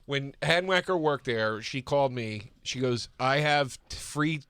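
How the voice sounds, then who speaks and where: Man, podcast host, bright and laughing, spins loose anecdotes. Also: mid-range voice, unhurried, clean tone, dry recording. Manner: animated, laughing, swearing. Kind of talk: casual storytelling chat.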